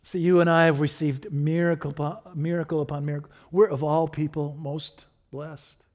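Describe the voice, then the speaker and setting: A middle-aged man preaching a sermon, building to fervent repeated refrains and then dropping soft and low. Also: level tone, moderate pace. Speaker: pastor.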